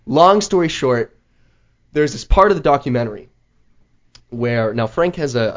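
A man hosting a show, telling a story in casual chat, rambling with lots of "like" and an animated manner. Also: mid-range voice. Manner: rambling, heavy use of "like", animated retelling. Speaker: podcast host. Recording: slightly dull lo-fi audio.

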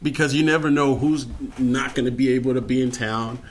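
A man's voice: medium pitch, fairly even intonation, a little fast. A male musician guest talking casually about his record, laid-back and trailing off with fillers. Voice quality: smooth singing voice. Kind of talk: casual chat after a live song.

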